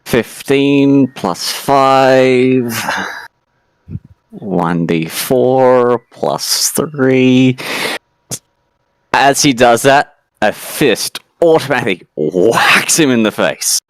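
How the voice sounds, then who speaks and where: A man's voice: medium pitch, lively intonation, extremely slow, no echo. A man playing a tabletop game, calling dice rolls and rambling with fillers. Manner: rambling, with "like, you know" fillers. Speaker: player. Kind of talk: casual tabletop play.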